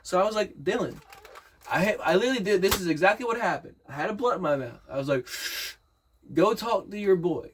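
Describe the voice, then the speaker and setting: A young man tells a story at a rapid clip in a fairly high, husky voice. He rambles, swears freely, restarts his sentences and acts out what others said. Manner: rambling, profane, animated, with restarts and quoted dialogue. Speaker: storyteller in a podcast chat. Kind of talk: casual chat, recapping a party story.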